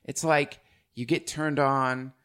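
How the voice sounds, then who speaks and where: A man's voice: medium pitch, little pitch movement, slow, a bit bright, smooth. A man hosting a podcast, talking casually and animatedly, swearing and laughing as he speaks. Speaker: podcast host. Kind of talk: casual conversation.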